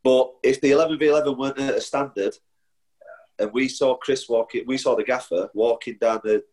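Northern English footballer telling stories. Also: male voice, medium pitch, fairly quick, a little mellow, rough recording. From Sheffield, England. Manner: chatty storyteller with frequent restarts and laughter. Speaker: footballer guest. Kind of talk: casual podcast chat.

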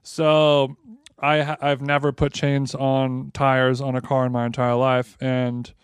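A man spins a long, rambling story in casual podcast chat, stumbling over restarts as he goes. His voice is smooth and resonant. The sound is close and completely dry. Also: medium pitch, measured pace, dry recording. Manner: rambling, animated, frequent restarts and laughs. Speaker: podcast co-host.

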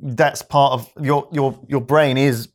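A man's voice: mid-range voice, fairly even intonation, takes it slowly. A man co-hosting a podcast, chatting casually in a rambling, hesitant, easygoing way. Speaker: podcast co-host. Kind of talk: casual chat.

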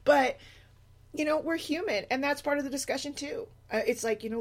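Chatty mom musing out loud. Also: female voice, sits high, brisk. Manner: chatty, animated asides and quoted voices. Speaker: blogger, single mom. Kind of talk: casual monologue.

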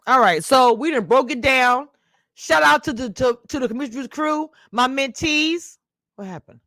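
A woman who reviews shows on live streams chats casually and directly with her viewers, laughing often. Her voice is high-pitched and a bit bright at a normal pace, captured in clean studio quality with no echo.

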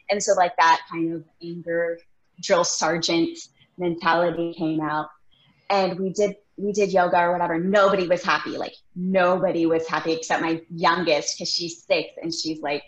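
A woman's voice: fairly low pitch, flat delivery, moderate pace. A woman in her thirties co-hosting a casual talk show, speaking earnestly and encouragingly as she tells a personal story. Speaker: podcast co-host. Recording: roomy, slightly dull sound.

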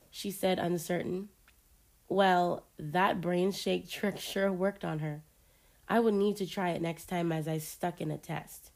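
A woman's voice: fairly low pitch, steady tone, unhurried, darkish tone. A woman reading a first-person story aloud in a casual, conversational way, with small slips now and then.

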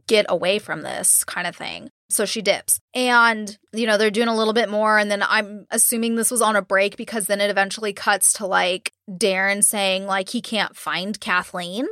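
A woman's voice: medium pitch, pushed and bright, no room sound, clean studio sound. A woman podcast host casually retelling a haunted-house episode, acting out quotes and swearing freely. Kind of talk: casual storytelling chat.

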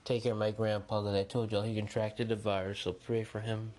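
A young man hosting a solo podcast, chatting in a rambling, excitable, slangy way. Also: on the low side, a little fast, a little hiss or hum. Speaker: podcast host. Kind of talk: casual solo podcast chat.

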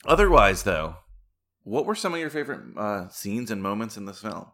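A man co-hosting a casual film-review podcast, animated and laughing often, acting out quotes in a higher voice. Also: normal speed. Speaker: podcast co-host.

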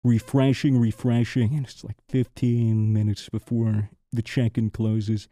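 A young man from the United States hosting a podcast, telling a story in a profane, animated way and acting out the exchanges. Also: fairly low pitch, measured pace, no room sound, clean studio sound. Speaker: podcast host. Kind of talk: casual storytelling chat.

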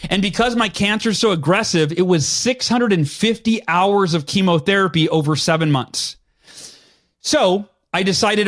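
A man speaking as a guest in an interview, telling a personal story earnestly and with firm conviction, clearing his throat now and then. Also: high-pitched, normal speed, fairly bright tone. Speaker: podcast guest.

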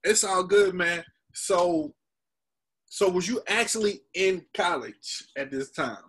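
Husky-voiced man in relaxed chat. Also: sits high, takes it slowly, rough recording. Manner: laid-back, curious questions. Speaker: podcast host. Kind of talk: casual conversation.

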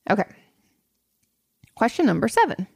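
A woman's voice: on the high side, very animated, normal speed, gravelly, a little mellow, breathy edge, no room sound, studio quality. A woman hosting an advice show as a therapist, answering audience questions in a casual, blunt and candid way, swearing freely.

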